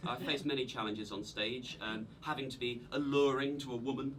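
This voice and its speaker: A man's voice: medium pitch, fairly even intonation, brisk, noisy background. A man doing stand-up storytelling with a slight cold, self-deprecating and hesitant, projecting unmiked in a small live room. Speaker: stand-up comedian. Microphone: no microphone, projecting to the room. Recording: live room with laughing audience.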